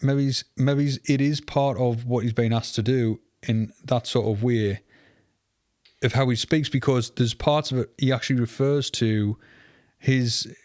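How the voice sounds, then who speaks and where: A man's voice: mid-range voice, steady tone, unhurried, a little mellow, no echo, clean studio sound. A man co-hosting a movie podcast, speculating in a rambling, casual way. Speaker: podcast co-host. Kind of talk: casual chat.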